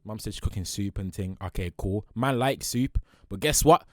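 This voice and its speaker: A young man, rambling excitably in street slang as he introduces a reaction video. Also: on the low side, moderate pace, no room sound, studio quality. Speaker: reaction streamer. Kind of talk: hyped reaction commentary.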